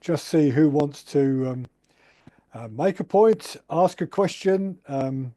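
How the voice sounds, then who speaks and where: A man hosting a club talk, chatty and halting, laughing often as he tells his own story. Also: fairly high pitch, warm tone, dry recording. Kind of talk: casual chat.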